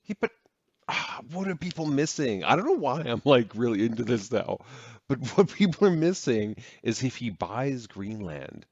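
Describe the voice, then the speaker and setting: A man's voice: medium pitch, big pitch swings, normal speed, darkish tone, dry recording. A man hosting a reaction video, chatting casually, swearing, laughing and trailing off. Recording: dry, slightly dull sound.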